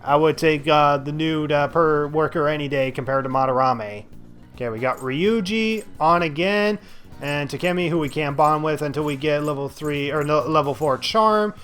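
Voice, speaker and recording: A man's voice: fairly high pitch, normal speed, a bit bright, soft background music. A man giving casual gameplay commentary as a let's play host, sarcastic and thinking aloud with lots of fillers.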